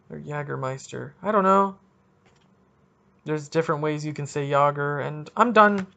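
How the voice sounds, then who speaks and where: Rambling high-voiced man hosting a podcast. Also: unhurried, vocal fry. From Canada. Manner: rambling, jokey, thinks out loud. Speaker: podcast host. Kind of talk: solo casual podcast. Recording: dull lo-fi recording.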